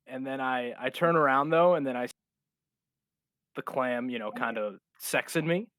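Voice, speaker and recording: A man's voice: mid-range voice, a little slow, fairly bright tone, clean tone, no room sound. A man playing a tabletop game, talking in a hesitant, rambling way. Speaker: player. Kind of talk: casual tabletop play.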